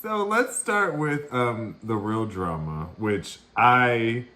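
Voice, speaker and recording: A man's voice: mid-range voice, expressive, slow, bright, forceful tone. A man co-hosting a casual TV recap chat, telling the story and acting out the quotes from the show.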